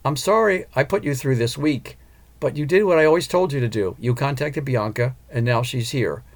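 A man's voice: mid-range voice, normal speed, lightly acted. A man voicing an earnest, determined woman opera singer and mother in an audiobook. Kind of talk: audiobook character voice.

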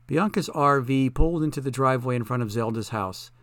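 A man narrating an audiobook in a measured, plain reading style. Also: mid-range voice, fairly bright tone, no room sound. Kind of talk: scripted narration.

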